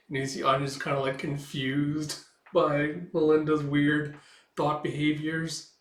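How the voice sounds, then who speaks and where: A man's voice: fairly high pitch, monotone, a little slow, a bit bright. A man hosting a casual comic read-through, talking in a laid-back way with many filler "uh"s. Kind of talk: casual read-aloud commentary. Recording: echoey room.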